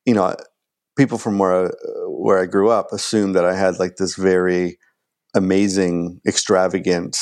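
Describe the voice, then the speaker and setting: A man, chatting casually as a guest and telling an animated story. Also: deep voice. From Canada. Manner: animated storyteller acting out quoted lines.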